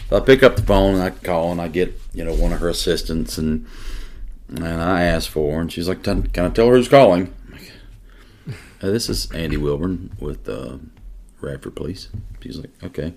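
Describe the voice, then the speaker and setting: A middle-aged man, a police detective, telling a personal story in an interview in an earnest, emotional way with halting restarts. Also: low-pitched, darkish tone.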